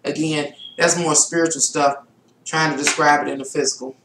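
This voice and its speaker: A woman's voice: fairly even intonation, moderate pace, echoey room, noisy background. A middle-aged woman vlogger telling a spiritual story in a rambling, casual monologue. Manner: rambling, with shrill exclaimed self-quotes.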